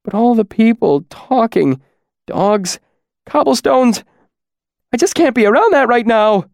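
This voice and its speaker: A man reads a frail, terrified young man whose thin, reedy voice cracks and climbs far above a normal speaking pitch. He talks softly but urgently, full of panic. The audiobook recording is dry and close. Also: lively intonation, unhurried, vocal fry, no echo, full character voice. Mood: frightened. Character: frail, frightened thin man about thirty. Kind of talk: audiobook character voice.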